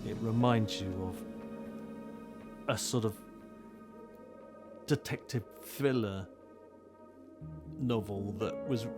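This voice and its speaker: A man narrating a tabletop game as game master, teasing his players with wry asides. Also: fairly low pitch. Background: music.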